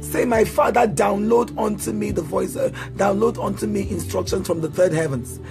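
A man's voice: high-pitched, fairly even intonation, normal speed, vocal fry, music in the background. A man preaching and leading prayer, chanting declarations in a sing-song rhythm and prompting listeners to repeat after him. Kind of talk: sermon prayer.

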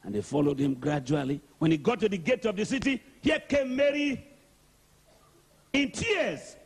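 Husky, animated Nigerian preacher. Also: male voice, high voice, moderate pace. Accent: Nigerian English. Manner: call-and-response, emphatic. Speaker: archbishop, preacher. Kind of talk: sermon.

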